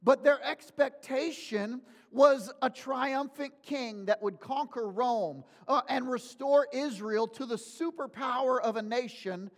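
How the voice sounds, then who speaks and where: Male pastor, sermon delivery, animated storyteller, higher voice, big reverberant sanctuary. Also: unhurried, hardly any pauses. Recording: long hall reverb.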